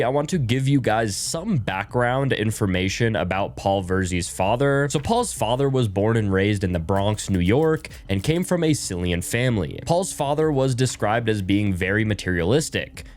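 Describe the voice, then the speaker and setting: Man, lowish voice, scripted narration, talks to viewers directly, conversational. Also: a little mellow. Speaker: YouTube narrator.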